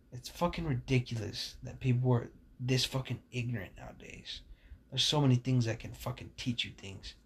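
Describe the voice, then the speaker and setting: Young man, podcast host, casual rambling, swears a lot, gravelly husky voice, sore throat. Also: medium pitch. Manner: profane, blunt, rambling with many fillers.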